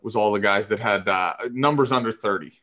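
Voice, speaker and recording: A man with a lowish, bright, forceful voice spins clubhouse anecdotes in casual podcast chat. He is animated and salty, slipping into other people's voices. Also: brisk. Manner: animated, profane, laughs often, acts out voices. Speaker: podcast co-host, former ballplayer.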